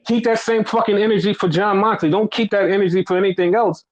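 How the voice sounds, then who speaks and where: A man's voice: high voice, fairly even intonation, fast, hardly any pauses, rough recording. A man co-hosting a wrestling podcast, ranting with heavy swearing and exasperation, mocking fans in quoted voices. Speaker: podcast co-host.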